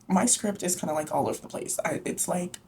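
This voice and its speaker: Low-voiced woman, casual slangy book vlogger, swears freely. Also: fairly quick, a little mellow. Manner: chatty, slangy, lots of "like" and "you know", swears freely.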